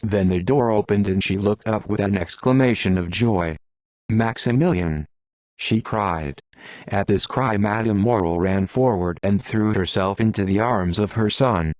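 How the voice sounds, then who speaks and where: A man reading a classic novel aloud in a measured, steady narration. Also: lowish voice, dry recording. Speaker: audiobook narrator. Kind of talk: scripted narration. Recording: dry close sound.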